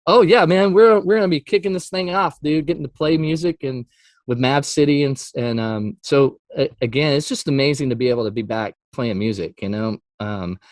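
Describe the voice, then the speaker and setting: A mid-pitched man tells a story in a relaxed interview as a Christian music artist. He acts out every quote with leaps in pitch and laughs often. The sound is dry and close. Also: a little fast, no echo.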